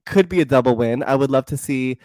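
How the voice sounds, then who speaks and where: A man's voice: medium pitch, a little fast, a little mellow, dry recording, studio quality. Emphatic, shady man co-hosting a podcast. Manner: emphatic, profane, playfully shady. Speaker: podcast co-host. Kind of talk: casual chat.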